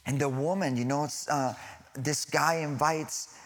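A man preaching a sermon to a congregation. He talks in animated bursts, then drops to hushed near-whispers, and he corrects himself and laughs in asides. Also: a little high, a little slow.

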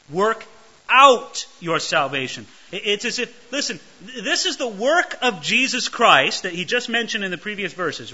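Male pastor preaching, high and very lively voice, bright tense tone, dull lo-fi sound. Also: husky. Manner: animated, emphatic, acts out quoted voices. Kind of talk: expository sermon. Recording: dull lo-fi recording.

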